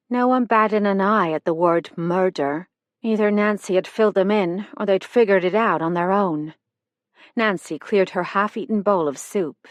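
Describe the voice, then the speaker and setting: A woman narrates a mystery audiobook in a measured, even voice. Her pitch sits in the middle range. The studio sound is dry and close. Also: no room sound. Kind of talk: scripted narration.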